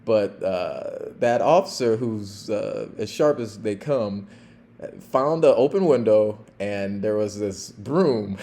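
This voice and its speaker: A middle-aged man, a former police officer hosting a podcast, tells stories in a relaxed, chatty way with lots of fillers. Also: mid-range voice, unhurried. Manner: relaxed and chatty with many fillers, laughing at his own story. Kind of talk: casual storytelling.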